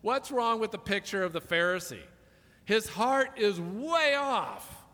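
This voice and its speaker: A man's voice: high voice, animated, unhurried, pushed and bright. A man preaching a sermon, telling funny stories in a chatty way before turning earnest. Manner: chatty, jokey storytelling building to earnest preaching. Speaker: pastor. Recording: long reverb of a large hall.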